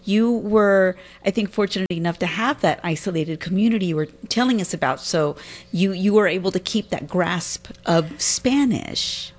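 A woman's voice: medium pitch, normal speed. A woman interviewer asking thoughtful questions in a conversational way.

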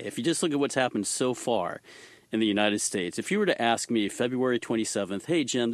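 Man, interview guest, energy analyst, casual, low voice, dry. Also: no room sound. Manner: casual, plain-spoken. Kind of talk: interview answers.

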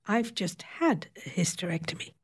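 A woman's voice: lowish voice, expressive, moderate pace, slightly rough. A woman voicing a tart fifty-something beautician. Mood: tartly polite. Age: 50s.

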